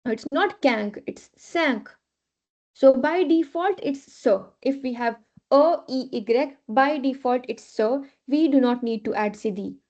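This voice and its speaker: Slow high-voiced woman teaching French. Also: mellow. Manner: patient, repeats rules with many okays. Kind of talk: live online class teaching. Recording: dull lo-fi class recording.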